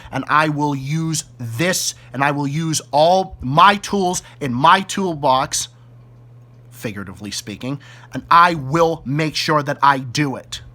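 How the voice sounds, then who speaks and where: A man's voice: on the high side, pushed and bright. A man with a Boston accent delivering an angry, profane rant straight at the camera, hurling repeated insults. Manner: furious, profane, repetitive insults. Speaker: YouTube ranter.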